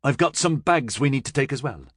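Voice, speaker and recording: A man's voice: medium pitch, lively intonation, brisk, no room sound, voice pushed up, natural voice. An anxious young man, hesitant and a little whiny, as a male narrator puts him on. His lines sit a bit above the narrator's own voice, in a dry, close recording.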